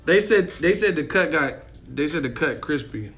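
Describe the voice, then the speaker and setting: A man's voice: on the high side, lively intonation, moderate pace, a bit bright, faint music behind. A man chatting casually on a live stream, rambling, swearing and laughing often, talking to his chat. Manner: rambling, profane, laughs a lot, acts out voices. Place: in Miami.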